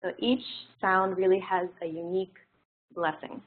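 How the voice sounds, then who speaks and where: A woman teaching a classroom lesson in a relaxed, explanatory way, pausing on frequent fillers. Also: mid-range voice, slight background noise. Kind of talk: classroom lecture. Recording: tinny phone-like audio.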